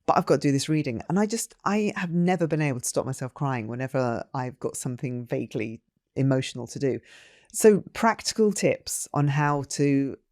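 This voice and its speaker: A middle-aged woman co-hosting a casual podcast chat, emotional and quick to laugh. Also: a little mellow, no echo, clean studio sound. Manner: emotional, laughs often, rising to high laughs. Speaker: podcast co-host.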